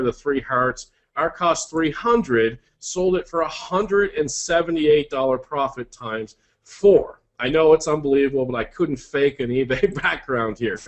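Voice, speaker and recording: Upbeat salesman pitching online profits. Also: fairly bright tone. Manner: upbeat, salesy, quick asides. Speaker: presenter of an online selling course. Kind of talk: sales pitch walking through screen examples.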